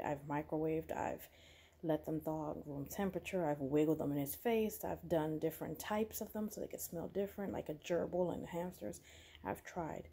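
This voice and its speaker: A woman's voice: sits low, breathy edge. Whispering woman filming her pet snake. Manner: whispering softly. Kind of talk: hushed late-night pet vlog. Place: home at night. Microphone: camera mic.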